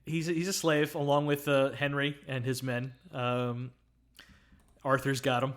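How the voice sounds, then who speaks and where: A man co-hosting a casual film review podcast, excitedly retelling scenes and breaking into loud quoted lines and laughter. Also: medium pitch, measured pace. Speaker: podcast co-host.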